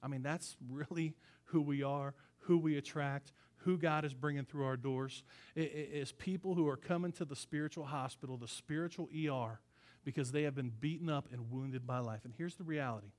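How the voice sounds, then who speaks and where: Casual, emphatic preacher with a raised voice. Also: male voice, on the high side, normal speed, darkish tone. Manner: casual and emphatic, slangy asides. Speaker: pastor. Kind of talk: conversational sermon.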